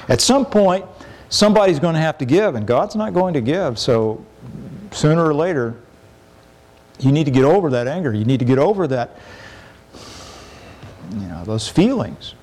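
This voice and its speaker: A middle-aged man preaching a sermon in a conversational way, acting out quoted complaints with sudden rises in pitch. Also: darkish tone.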